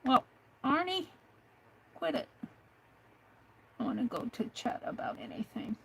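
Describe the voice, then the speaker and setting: A woman hosting a craft livestream talks to a chatbot in a slow, hesitant way, full of little fillers. Her voice sits a bit high. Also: lively intonation, gravelly, a little hiss or hum, poor audio. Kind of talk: casual livestream talk to a chatbot.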